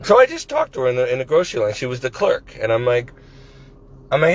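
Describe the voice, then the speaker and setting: Talking fast and expressively in a mid-range voice, a man in his forties films a casual personal vlog on his phone at work. He rambles, hesitates, and restarts often.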